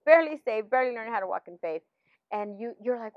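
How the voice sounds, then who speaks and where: A middle-aged woman, a minister's wife, telling a personal faith testimony in casual talk, animated, with many fillers and restarts. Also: a little high, fast talker, dry recording. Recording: dull, slightly lo-fi, dry sound.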